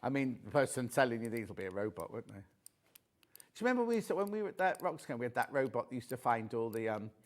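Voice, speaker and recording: A man's voice: mid-range voice, sing-song, quick pace. A man presenting on a live shopping channel, chatty and rambling with joking asides.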